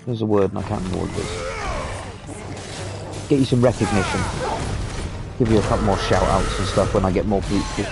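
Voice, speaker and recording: A man's voice: low voice, steady tone, fairly quick, creaky, long pauses, loud music behind the voice. Sweary British man streaming a game. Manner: chatty, swears freely. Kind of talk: casual live gameplay commentary.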